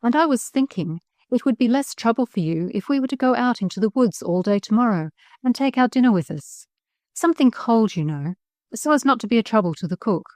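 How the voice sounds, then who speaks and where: A woman's voice: a little high, lively intonation, fairly quick, darkish tone, no room sound, pitched above the performer's own voice, lightly acted. A woman voicing a polite, scheming young schoolboy who talks earnestly and sweetly. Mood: wheedling.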